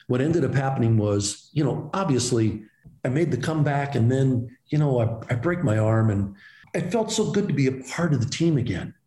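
A man, a former baseball pitcher, telling animated, self-deprecating stories as an interview guest. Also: moderate pace, roomy sound. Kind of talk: storytelling in an interview.

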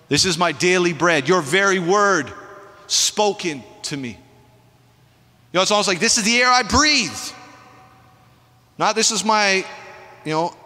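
A male pastor preaching a sermon in an animated, emphatic, conversational way, with asides to the congregation, in a church sanctuary. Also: fairly high pitch, long reverb tail.

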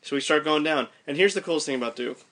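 Gravelly-voiced man telling a story. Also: fairly high pitch, quick pace. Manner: animated storyteller, thinking aloud with restarts. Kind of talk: casual storytelling chat.

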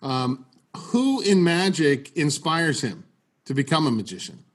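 Man hosting a podcast, halting questions. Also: on the high side, sing-song, slightly rough. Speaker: podcast host. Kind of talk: interview.

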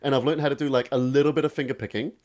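A man's voice: medium pitch, steady tone, rapid-fire, darkish tone. Joking man telling stories. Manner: jokey storyteller, acts out voices. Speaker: podcast guest. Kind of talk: casual chat.

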